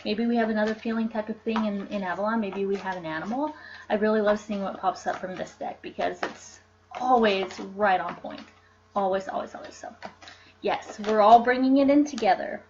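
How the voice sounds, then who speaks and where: A woman's voice: medium pitch, fairly quick, dull audio, noisy background. A woman hosting a live oracle card reading, chatty and bubbly, laughing often and answering viewer comments.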